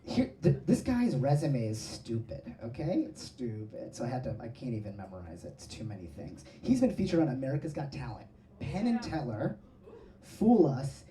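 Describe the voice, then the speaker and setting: A woman's voice: very deep voice, huge pitch swings, moderate pace, mellow, a little hiss or hum. A woman hosting a live comedy show, chatty and giggling as she introduces the next act. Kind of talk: casual stage introduction. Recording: echoey, distant mic in a live room.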